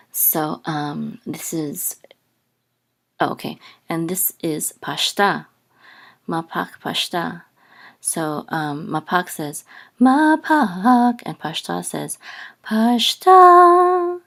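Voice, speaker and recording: Slow, gravelly woman teaching letters. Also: low voice. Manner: sings out chanted syllables, many ums and restarts. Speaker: Hebrew teacher. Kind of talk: slow step-by-step lesson.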